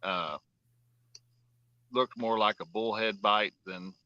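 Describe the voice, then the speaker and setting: A man's voice: lowish voice, fairly even intonation, takes it slowly, bright, forceful tone, dry recording, highs cut off. A man hosting a fishing show, chatting casually and rambling through long stories with lots of fillers. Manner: rambling storyteller, drawling, many fillers. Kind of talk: casual chat while fishing.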